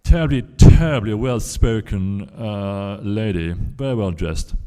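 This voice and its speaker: A man's voice: on the low side, unhurried, dark tone, clear, resonant tone. A man on a convention panel telling a rambling anecdote at a fan Q&A, with frequent restarts. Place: large convention hall. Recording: echoey hall.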